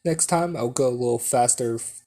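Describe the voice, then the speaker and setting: A man's voice: medium pitch, moderate pace, mellow. A man telling a fan story casually, rambling with fillers and restarts.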